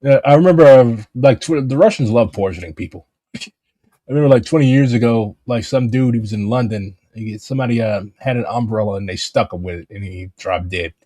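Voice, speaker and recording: A man's voice: medium pitch, fairly quick, warm tone, dry recording. A man chatting casually on a live stream, rambling and swearing as he jumps between topics.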